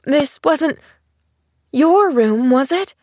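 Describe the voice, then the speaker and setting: An eager little orphan girl, as a woman reader puts her on, high and breathless, speaking slowly in a dry, close recording. She sounds earnest and bright in this storybook reading. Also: slightly rough, no echo. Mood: alarmed. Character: cheerful earnest orphan girl, around eleven.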